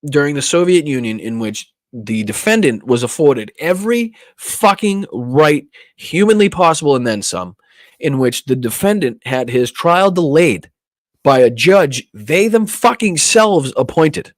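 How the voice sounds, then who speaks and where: A man's voice: fairly high pitch, dry recording. A man with a Boston accent hosting a political live stream, ranting with heavy profanity. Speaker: political podcast host.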